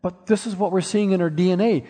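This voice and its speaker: A husky-voiced middle-aged man speaks to an audience, walking listeners through his points with homely analogies and the odd dry joke. His voice rings out with a long reverb tail from a large hall. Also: high voice, steady tone, quick pace, warm tone. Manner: explains with everyday analogies and wry asides. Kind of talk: presentation to an audience.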